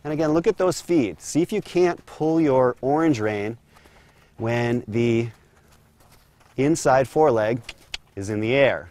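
A man giving a calm, steady instructional demonstration as a horse trainer, talking while working a horse in an outdoor round corral. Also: mid-range voice, unhurried, pauses often, a little hiss or hum.

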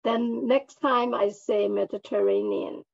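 Woman w an accent asking a question, slow and careful, a bit raspy. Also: on the high side, steady tone, a little mellow, no room sound, lo-fi sound. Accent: non-native English. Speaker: workshop participant.

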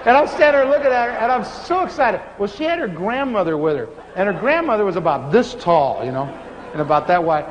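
A man preaching, telling stories with animated laughter. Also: high-pitched, brisk. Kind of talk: sermon storytelling. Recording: muffled hall recording with faint hiss.

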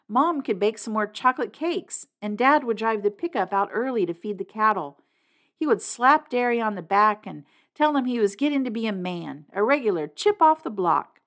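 A woman's voice: mid-range voice, a bit bright. A woman reading a novel aloud, narrating expressively in the first person. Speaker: reader.

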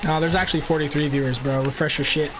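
Quick and flat, this fairly high-pitched voice belongs to a twenty-something man streaming a racing game over music. Loud car sounds roar in the background as he swears casually and fires back at chat trolls.

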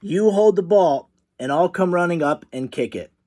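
Earnest put-upon boy, as a man reads him, eager and exclaiming, pitched up high. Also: lively intonation, normal speed, dark tone. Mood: begrudging.

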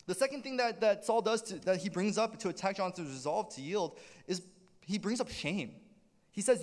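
A male pastor preaching with a high voice that swings widely in pitch, sounding lively and animated. He keeps checking in with the congregation as he goes. The sound carries a long hall reverb. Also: brisk. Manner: animated preaching with frequent "right?" check-ins. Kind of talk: sermon. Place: church sanctuary.

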